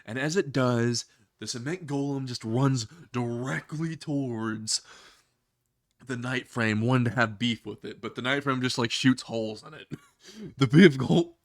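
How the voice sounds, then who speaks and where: A man's voice: mid-range voice, unhurried, no room sound. A man casually narrating a profane comedy what-if story and laughing at his own jokes.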